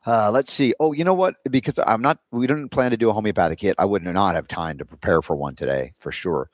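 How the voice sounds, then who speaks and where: In casual talk show chat, a low-voiced male host speaks a little fast, wandering through his points with frequent fillers and restarts. The recording is close-miked and dry, without any room sound.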